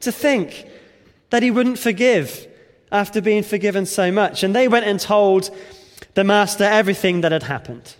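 A man preaches an expository sermon, his voice pitched high for a man. He leans on emphatic rhetorical questions and works through the passage line by line. The sound rings with the long reverb of a large hall. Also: normal speed.

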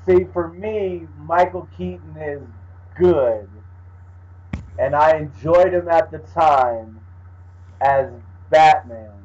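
A man with a husky, slightly raised voice trades jokes in loose podcast chat. The audio is dull and lo-fi. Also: on the high side, a little mellow. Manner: wry, joking, quick to riff. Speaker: podcast co-host. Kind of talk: casual chat.

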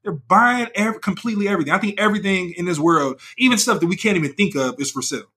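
A man in casual podcast chat, rambling and animated, peppering his talk with "like" and "bro". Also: high voice, fast, breathy edge.

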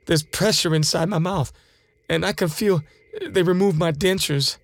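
Brief: male actor as a gravelly, frightened abductee; slightly high voice, dry close recording. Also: normal speed, no room sound. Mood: terrified. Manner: shaken, pleading first-person retelling. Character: terrified man recounting an alien examination. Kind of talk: dramatized first-person account.

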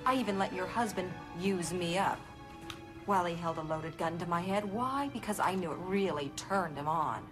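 A cold, ruthless ex-spy woman, played by an actress in a TV thriller, speaking slightly low and sinking into a taunting, threatening whisper. A tense score plays behind her. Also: animated, moderate pace, over music, close to an everyday voice. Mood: cold contempt. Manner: taunting, drops to a menacing whisper.

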